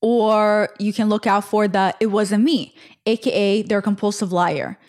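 Woman, 20s, podcast host; casual, animated storyteller. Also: medium pitch, normal speed. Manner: chatty, animated retelling with fillers.

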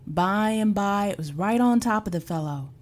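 A woman telling a spooky folk tale in a hushed voice with dramatic pauses. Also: medium pitch, lively intonation. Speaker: storyteller.

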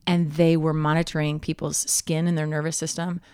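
A woman's voice: sits low, little pitch movement, normal speed, darkish tone, clear, resonant tone, no echo, clean studio sound. A woman in her thirties co-hosting a podcast, chatting animatedly and telling stories, full of fillers and laughs. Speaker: podcast co-host. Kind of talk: casual chat.

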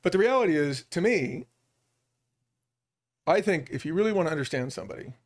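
A middle-aged man talking quickly and with energy, his voice sitting a little higher than most men's. He is a podcast guest telling stories and acting out the quoted lines as he goes. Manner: animated storyteller who acts out quoted dialogue. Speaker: podcast guest, business leader. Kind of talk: podcast interview.

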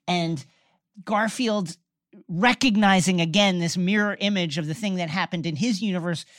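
A woman with a low-pitched voice walks through a film's plot in an easygoing conversation. She tells it with lively energy and frequent restarts. The recording is dry and close. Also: normal speed, no room sound. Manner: animated storytelling, many restarts. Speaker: podcast co-host recapping a film. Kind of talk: casual chat.

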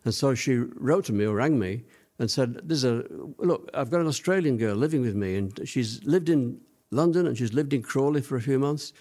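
An older man reminisces for an interviewer in an ordinary, medium-pitched voice with an expressive, dark tone. His story rambles, full of fillers and restarted sentences as memories come back to him.

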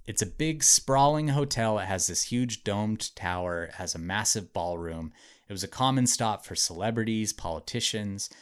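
Lowish, clear and resonant, this podcast host's voice stays animated at a moderate pace. He chats through a true story for his friends, hedging with frequent "like" and "um" in casual storytelling.

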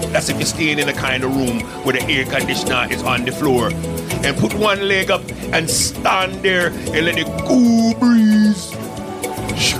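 A man putting on a loud, playful Jamaican accent, talking up and drawling his words. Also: fairly high pitch, voice pushed up. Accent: put-on Jamaican. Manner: boisterous, drawn-out, playful.

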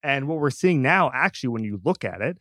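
A man in the host's chair of a sports podcast, mid-range in pitch and talking with emphatic energy. His voice sits close and dry, with no room sound around it. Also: a little fast, dry recording. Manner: animated, emphatic, with frequent restarts. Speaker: podcast host. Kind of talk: casual sports talk.

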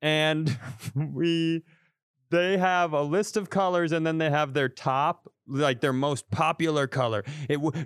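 A man's voice: on the high side, unhurried, clean tone. A man co-hosting a comedy podcast, telling stories with frequent laughter into a close studio mic. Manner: giggly, animated storytelling. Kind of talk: casual comedic chat.

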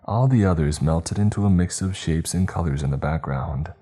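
A man narrating a first-person story in a steady, even retelling. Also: deep voice, moderate pace, husky.

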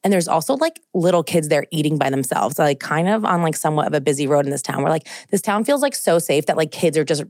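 A woman's voice: deep voice, quick pace, hardly any pauses, no room sound, studio quality. A young woman co-hosting a podcast, telling a long story in casual chat and filling it with "like". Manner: animated storyteller, heavy use of "like". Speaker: podcast co-host.

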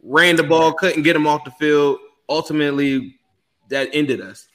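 A man's voice: on the high side, moderate pace, a bit bright. A man on a sports podcast, offering blunt, fan-style opinions in casual chat.

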